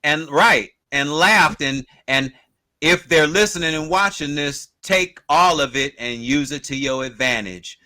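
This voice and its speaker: A man co-hosting a podcast in casual chat, agreeable and measured, often laughing along. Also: fairly high pitch, pushed and bright. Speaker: podcast co-host.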